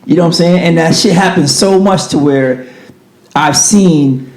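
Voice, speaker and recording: Podcast man, slightly higher voice, animated and profane storytelling, echoey room. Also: measured pace. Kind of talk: casual podcast chat.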